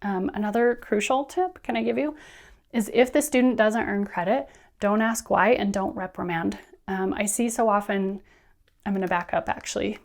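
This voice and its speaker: A woman teacher trainer giving friendly, brisk instructional talk, often acting out what students and teachers say. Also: mid-range voice. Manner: friendly, brisk, acts out classroom quotes.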